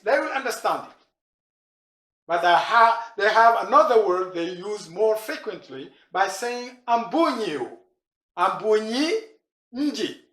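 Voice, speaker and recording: A man teaching a language lesson, going slowly through words and repeating them, with pauses and restarts. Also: extremely high pitch, sharp tone. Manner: slow, repeats and spells out words; frequent restarts and fillers. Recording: echoey room.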